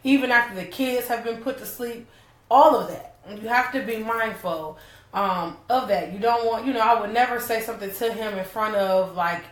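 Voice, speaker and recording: Woman, co-host, casual advice talk, steady delivery, echoey room. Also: on the high side, normal speed. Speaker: co-host, wife.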